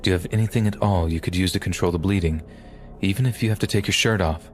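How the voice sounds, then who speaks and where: A man voicing a calm male emergency dispatcher who reassures an injured caller. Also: sits low, quick pace, faint music behind, lightly acted. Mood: urgent, reassuring. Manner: steady, reassuring, urgent.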